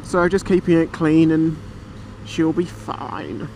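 A man's voice: fairly high pitch, slow, creaky. Chatty British man on a motorbike. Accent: British English. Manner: chatty, swearing, animated storytelling. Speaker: motorcycle vlogger. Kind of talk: casual storytelling while riding. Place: on a motorbike outdoors. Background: traffic and engine noise.

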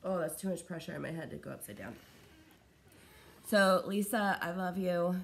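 A woman's voice: fairly low pitch, normal speed, creaky, slight background noise. A woman vlogger chatting casually while unboxing fan mail at home, scattered and gushing, unwell and coughing, a little short of breath. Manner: chatty and scattered, gushing over small items. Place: at home in her living room.

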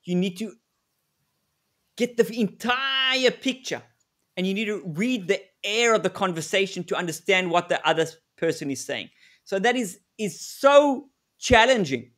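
High-voiced animated male presenter. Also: a little slow. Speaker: co-presenter, negotiation expert. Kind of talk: live webinar conversation.

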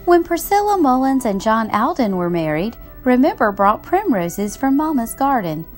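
A woman reading a children's picture book aloud, telling the story in an expressive, gently paced way. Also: a little high, normal speed, soft background music. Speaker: storybook reader.

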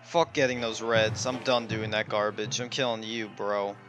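A young man commenting on his own horror game playthrough, excitable and full of swearing, rambling as he reacts. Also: on the low side, moderate pace, over loud music. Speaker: gaming channel host. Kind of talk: let's play commentary.

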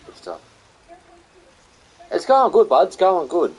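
A man's voice: sits high, very animated, slow pace, breathy edge, rough recording. A young Australian man chatting casually with viewers on a live game stream, greeting them by name and calling them mate and buddy.

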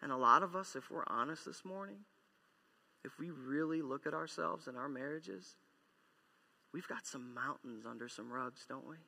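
A man's voice: mid-range voice, normal speed, vocal fry, sharp tone, breathy edge. A male pastor preaching a sermon, emphatic, repeating key lines and acting out quoted apologies. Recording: long church hall reverb.

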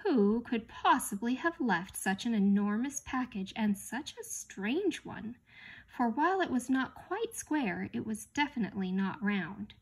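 A woman narrating a children's novel in an unhurried, expressive read-aloud manner. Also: fairly high pitch, husky. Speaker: audiobook reader. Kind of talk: storybook narration.

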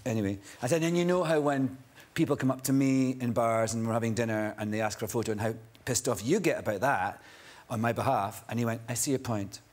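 A middle-aged man with a Scottish accent, a chat show guest telling a lively anecdote and acting out other people's voices. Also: mid-range voice, fast talker, hardly any pauses. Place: TV studio with live audience. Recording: studio audience laughter and noise.

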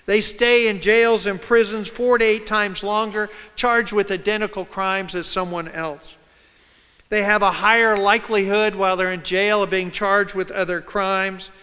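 A man speaks to a hall audience in a high, bright, smooth voice. He tells a personal story and acts out the voices of the people in it. The sound carries the long reverb of a large room. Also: fairly even intonation, normal speed. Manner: storytelling, acting out quoted voices. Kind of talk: public talk.

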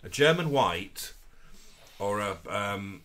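A man's voice: fairly low pitch, animated, slow pace, a bit bright. A man co-hosting a casual livestream. His voice swoops up and down a lot as he throws in camp, playful asides and teasing jokes. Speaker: co-host of a livestream.

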